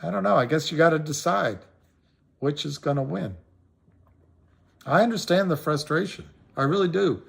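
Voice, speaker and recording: A man's voice: moderate pace, gravelly, pauses often, husky. A middle-aged man talks loosely on a livestream and circles back over his points. He hammers words again and again, and his voice jumps up when he gets riled. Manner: rambling, repeats himself for emphasis, pitch swings up when riled. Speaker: livestream host talking stocks. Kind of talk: casual livestream talk answering viewers.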